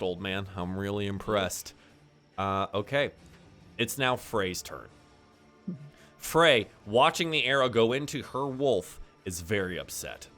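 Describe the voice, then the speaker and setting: A man narrating a tabletop game as game master, playful and full of fillers. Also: medium pitch. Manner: lively and playful, with many fillers.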